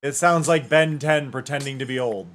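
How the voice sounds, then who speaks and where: A man's voice: mid-range voice, moderate pace, fairly bright tone, a little hiss or hum. A man streaming live and chatting casually, rambling and chatty, with hums and half-sung bits.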